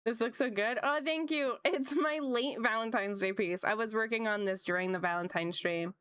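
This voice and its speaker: A woman art streamer chats casually with her viewers at her home streaming setup, upbeat and quick to laugh, her pitch leaping up when something excites her. Her voice is smooth and clear on a close desk mic with a dry sound, though she has a slight cough from a coming sore throat. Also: no echo. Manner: chatty and upbeat, laughs often, voice jumps high when excited. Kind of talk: casual chat with live chat viewers.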